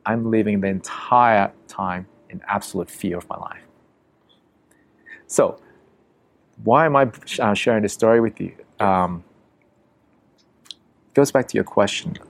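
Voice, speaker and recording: A man's voice: lowish voice, measured pace, long pauses. A man telling a story in a casual, conversational way, vivid and profane, often acting out what people said. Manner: vivid, profane, acts out quotes.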